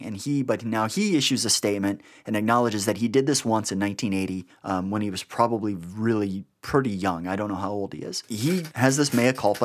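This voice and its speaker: A man hosting a podcast, giving blunt, sarcastic political commentary with an exasperated edge. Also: on the low side. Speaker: podcast host.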